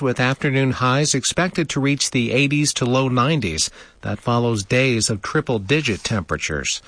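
A man reading a national news bulletin as a newscaster in a measured, even way from a studio. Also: medium pitch, no room sound.

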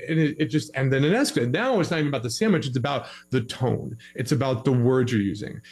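A man's voice: a little high, animated, quick pace, hardly any pauses, darkish tone, husky, poor audio. A young man giving relationship advice in a casual podcast conversation, acting out both sides of a couple's arguments in his stories.

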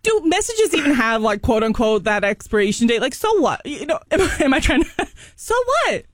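A woman's voice: high voice, big pitch swings, a little fast, no room sound, clean studio sound. A woman co-hosting a radio show, chatting casually in a giggly, self-deprecating way. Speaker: radio co-host. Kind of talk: casual morning radio banter.

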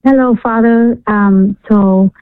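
Vietnamese-accented lady calling in, hesitant, kinda flat, dry tinny phone sound. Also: mid-range voice, takes it slowly, clean tone, dry recording. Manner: earnest, hesitant. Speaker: caller. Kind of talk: phone call to radio show.

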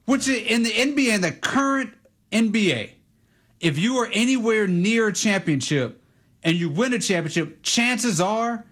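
A man's voice: sits high, animated, moderate pace, a bit bright. A man co-hosting a sports radio show, talking casually with slang and everyday analogies. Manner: conversational, uses slang, relatable analogies.

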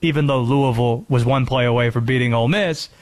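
A man's voice: mid-range voice, fast. A man hosting a sports talk show, arguing about college football with a sarcastic, mocking tone. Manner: sarcastic, mocking rival fans. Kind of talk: casual college football debate.

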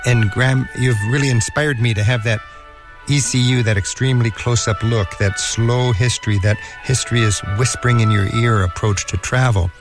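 A man's voice: mid-range voice, steady tone, normal speed, over music. A man hosting a radio travel show and interviewing a guest, musing with enthusiasm.

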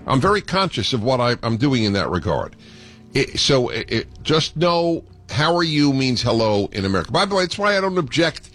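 A man's voice: mid-range voice, very animated, a little fast, a bit bright. Opinionated male radio host. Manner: emphatic, opinionated, mock-dramatic. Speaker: radio talk show host. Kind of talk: call-in radio talk.

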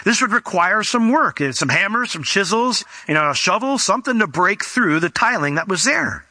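A male pastor with a very bright, sharp voice, pitched a little high. He preaches in a loose, conversational way and acts out scenes. The sound is dry and close. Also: lively intonation, normal speed, dry recording. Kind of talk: sermon with storytelling.

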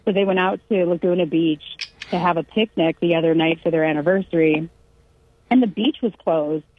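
A woman's voice: on the low side, fairly quick, no room sound. A middle-aged woman from California telling a long family story in casual chat, acting out the voices of the people in it and laughing along. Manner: lively storyteller who acts out quoted voices and laughs. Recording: dry, narrow phone-like radio sound.

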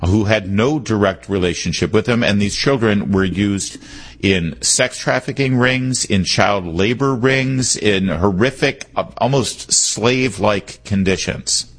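Husky, punchy talk radio host man. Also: lowish voice, measured pace. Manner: punchy, opinionated, repeats call-in number.

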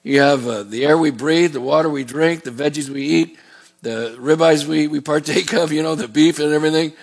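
Folksy higher-voiced male pastor preaching. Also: a little fast. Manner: folksy, digressive, with asides and repeated words. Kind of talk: sermon.

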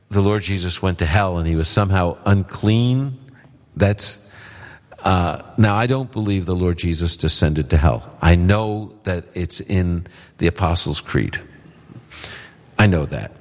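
A man's voice: deep voice, measured pace, pauses often, big-room sound. A man answering live Bible questions on a radio show, plain-spoken and explaining simply. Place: live event with audience.

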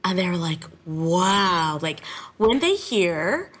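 A woman speaking in a slightly low voice, chatty and animated. She comes across as an excited music teacher being interviewed on the radio. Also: slow. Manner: animated, talkative, emotional.

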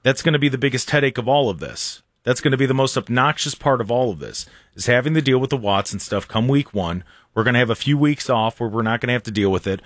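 A man hosting a casual sports talk show, excitable and rambling, with a sarcastic streak. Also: mid-range voice, fast, few pauses, no echo, clean studio sound. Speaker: sports radio host.

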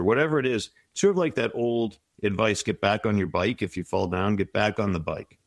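A man's voice: on the low side, a little fast, hardly any pauses, no echo. A middle-aged man giving reflective, encouraging advice as an interview guest. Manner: reflective, encouraging, tells stories.

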